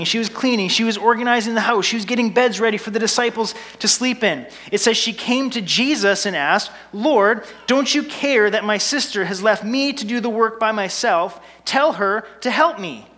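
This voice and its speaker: A man's voice: high-pitched, sharp tone. A male pastor giving a sermon in a conversational, humorous way, asking the congregation rhetorical questions. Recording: long reverb in a large hall.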